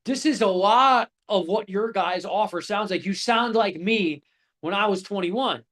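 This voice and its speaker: Young male instructor, high pitch, casual and profane, brisk storytelling energy. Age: 20s. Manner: casual, swearing, animated storytelling. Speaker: course instructor. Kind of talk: live online class talk.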